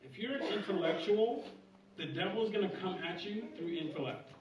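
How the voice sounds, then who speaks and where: A man with a high voice preaches a sermon, switching between animated, humorous stories and earnest points. He sounds fairly distant from the mic, and the church room rings around him. The recording is dull and muffled. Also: normal speed, roomy sound, a crowd in the background. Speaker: pastor. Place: church sanctuary.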